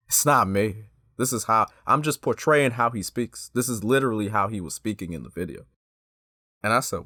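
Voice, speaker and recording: A man's voice: lowish voice, sing-song, moderate pace, bright, forceful tone, no room sound, studio quality. A man giving casual, emphatic commentary as a YouTube host and talking straight to his viewers.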